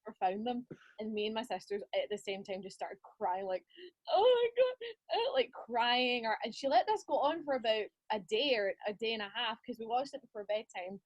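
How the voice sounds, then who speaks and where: A woman's voice: on the high side, a little fast. A woman hosting a podcast, chatting enthusiastically and sharing her own anecdotes in a casual conversation. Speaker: podcast host.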